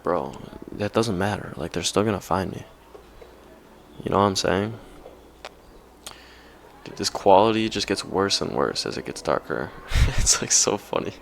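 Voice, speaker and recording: Lowish young guy vlogging, rambly and slangy, faint hiss behind him. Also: lively intonation, moderate pace, vocal fry, long pauses, a bit bright. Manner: rambling, slangy, lots of "like" and "bro". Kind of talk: casual off-the-cuff vlog talk.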